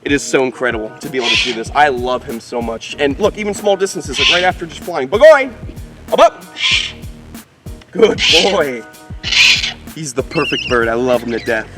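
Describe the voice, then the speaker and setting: A young man hosting a wildlife vlog outdoors, talking with excited, upbeat enthusiasm about his work. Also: medium pitch, fast talker, hardly any pauses, over loud music. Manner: excited, upbeat, exclaims how amazing things are. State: out of breath. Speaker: wildlife vlogger. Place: outdoors by a lake.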